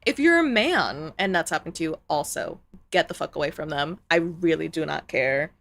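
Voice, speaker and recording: A woman's voice: sits low, expressive, normal speed, creaky, fairly bright tone. A woman streamer in casual live-stream chat, ranting heatedly and swearing freely.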